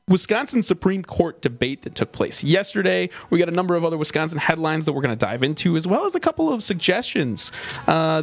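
A man's voice: fairly high pitch, creaky. A man hosting a political talk podcast in a casual, indignant way, with frequent fillers and restarts. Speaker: podcast host.

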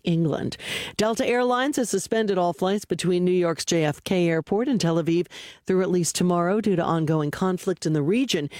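A woman anchoring a network radio newscast with a crisp, measured newsreader delivery. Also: fairly low pitch, darkish tone, no room sound, clean studio sound. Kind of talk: newscast reading.

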